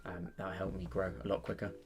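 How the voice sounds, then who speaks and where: A man chatting casually on a livestream while he paints, rambling and thinking out loud with many fillers. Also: low voice, completely flat delivery, a little fast, over music.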